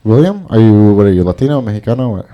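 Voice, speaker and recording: A man's voice: lowish voice, lively intonation, fast talker, dull audio. A man doing open mic stand-up, rambling and profane, laughing at his own jokes. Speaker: stand-up comedian. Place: comedy club stage.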